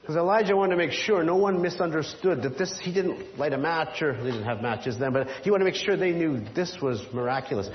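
A man's voice: on the high side, brisk, few pauses, a little hiss or hum. Playful man telling a children's Bible story. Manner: playful, asks children questions, chuckles often. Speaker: children's Bible lesson leader. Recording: echoey hall, dull lo-fi sound.

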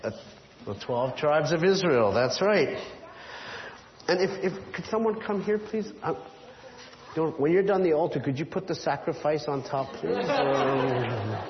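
A man's voice: on the high side, lively intonation, unhurried, crowd noise. A man leading a children's Bible lesson in a church hall, playful and quizzing the kids, chuckling often. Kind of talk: children's Bible story with props. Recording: echoey hall, dull lo-fi sound.

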